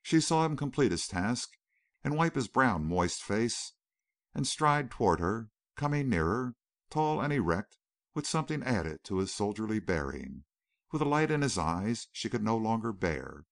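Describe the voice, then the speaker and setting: A man narrates a novel in a dramatic, expressive style. His voice is on the lower side and swings widely in pitch. The sound is dry and close to the mic. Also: moderate pace, no echo. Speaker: audiobook narrator. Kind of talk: scripted narration.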